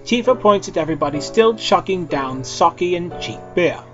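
A young man reads a silly story aloud in a playful, dramatic way. His voice sits a little high and swings widely in pitch. The recording is dull and lo-fi, with faint music underneath. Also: normal speed. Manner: switches between character voices, lively and playful. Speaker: reader of fan fiction.

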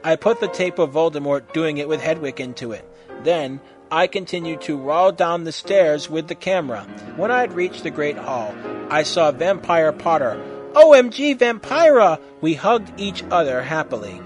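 A man's voice: a little high, moderate pace, faint music behind. Man giving a mock-serious story reading. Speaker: reader.

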